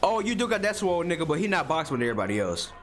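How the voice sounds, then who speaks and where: A man's voice: on the high side, sing-song, very fast, fairly bright tone, soft background music. A young man, reacting to an anime episode in casual, profane commentary with incredulous outbursts.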